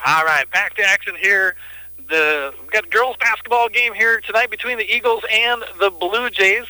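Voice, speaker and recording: A man's voice: high-pitched, normal speed, bright, forceful tone, dry recording, poor audio. A man announcing a girls' basketball game on local radio. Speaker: play-by-play sports announcer. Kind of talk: local radio sports commentary.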